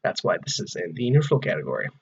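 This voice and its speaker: A man's voice: low voice, huge pitch swings, fast talker, vocal fry, lo-fi sound, slight background noise. A man in his twenties from Wisconsin with an American accent, talking casually to camera in his own room and rambling with many "like"s and restarts. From Wisconsin, USA. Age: 20s. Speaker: vlogger.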